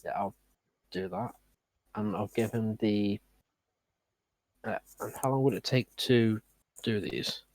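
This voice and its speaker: A man playing a tabletop game who sounds hesitant, uses many fillers and rushes some phrases. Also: fairly low pitch, sing-song, vocal fry, a little mellow, rough recording. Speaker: player. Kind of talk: casual tabletop play.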